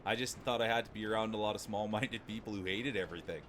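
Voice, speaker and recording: A man's voice: fairly low pitch, quick pace, a bit bright, a little hiss or hum. Laid-back Canadian prairie man streaming. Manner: rambling, laid-back, repeats himself. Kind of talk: casual chat with chat readers.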